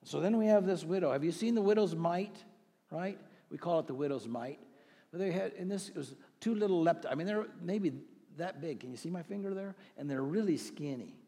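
A man's voice: high-pitched, brisk, warm tone, husky. A man preaching a sermon in a conversational way, asking the congregation questions and rising into emphatic bursts. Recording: long reverb of a large hall.

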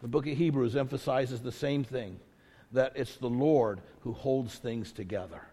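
A man's voice: mid-range voice, normal speed, warm tone, husky. Man preaching in a reverberant hall. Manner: preaching with rising intensity, emphatic repetition. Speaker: pastor. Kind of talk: sermon. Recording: long reverb of a large hall.

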